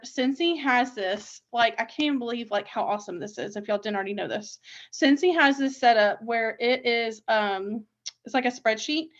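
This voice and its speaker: A woman, leading her sales team in a casual, upbeat live stream full of fillers and asides. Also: a little high. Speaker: direct sales team leader. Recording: dull lo-fi live stream audio.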